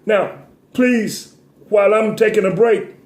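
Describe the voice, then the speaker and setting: A tearful man with a high-pitched voice delivers emotional commentary in a preacher-like cadence. He stammers and repeats words while sniffling. The sound is echoey, as if recorded in a bare room. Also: slow, a little mellow. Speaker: talk show host.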